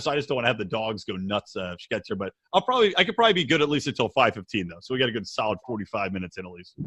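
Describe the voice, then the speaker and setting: A man talks over an internet call with a bright, forward tone. He is relaxed and casual and swears freely as a guest on a podcast. His pitch sits in an ordinary middle range. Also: quick pace, breathy edge, no room sound. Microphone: internet call audio.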